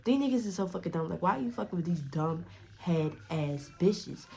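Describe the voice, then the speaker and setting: A woman's voice: fairly low pitch, lively intonation, a little fast, creaky, darkish tone, slight background noise. A young woman telling a story to her vlog audience in a casual, profane, rambling way, restarting her sentences often. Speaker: storytime vlogger.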